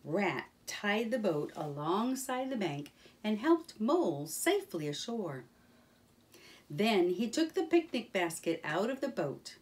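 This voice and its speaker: A woman reading a children's storybook aloud in a gentle, expressive manner. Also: medium pitch, takes it slowly, recorded from a distance.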